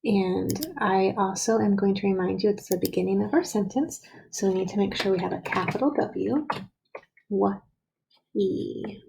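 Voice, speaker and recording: A woman's voice: medium pitch, measured pace, vocal fry, dark tone, a little hiss or hum, low-quality recording. A woman teacher leading a recorded writing lesson for young children, patiently sounding out each word and letter.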